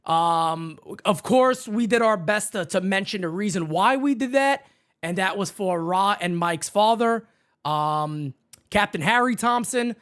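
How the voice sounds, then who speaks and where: A man hosting a baseball fan live stream from his home setup, hyped and shouting out viewers in the chat by name. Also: sits high, measured pace. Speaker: baseball fan show host.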